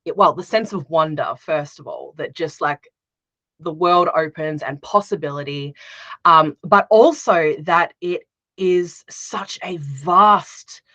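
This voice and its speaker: A talkative woman guest with a low-leaning but strikingly bright, forceful voice. She chats with lots of "um"s and "like"s and laughs easily. The recording is dry and a bit dull. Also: takes it slowly, no echo. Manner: warm-hearted, chatty, laughs often, uses fillers like "um" and "like". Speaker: guest, witch and tarot reader. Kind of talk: casual interview chat.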